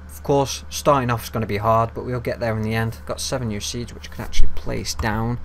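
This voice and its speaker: A man's voice: mid-range voice, fairly quick, slight background noise. A young man giving casual commentary while playing a game, chatting to viewers and the creatures on screen and swearing freely. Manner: gets loud and excited when ambushed. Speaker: gaming video host. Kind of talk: casual let's-play commentary.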